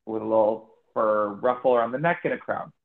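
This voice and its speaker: A man guesting on a podcast, chatting casually in a relaxed, halting way with lots of fillers. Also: lowish voice, gravelly. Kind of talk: casual chat. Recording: tinny phone-like line.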